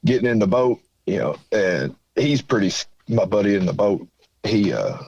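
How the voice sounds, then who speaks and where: A man's voice: fairly low pitch, big pitch swings, moderate pace, vocal fry, a little mellow, husky, lo-fi sound. A man from southern Indiana calling in, telling a story in a rambling, folksy way with lots of fillers. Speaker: caller. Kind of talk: casual storytelling.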